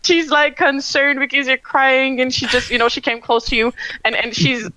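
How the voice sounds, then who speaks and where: A woman narrating a tabletop game as game master, talking haltingly with lots of fillers. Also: high-pitched, steady tone, pushed and bright, a little hiss or hum, poor audio. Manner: halting, many fillers, laughs often.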